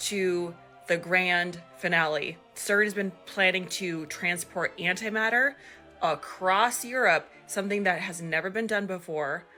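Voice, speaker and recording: A woman's voice: on the low side, bright, forceful tone. A woman speaking in an earnest monologue to camera, with a dramatic, ominous tone. She keeps asking pointed questions as she talks.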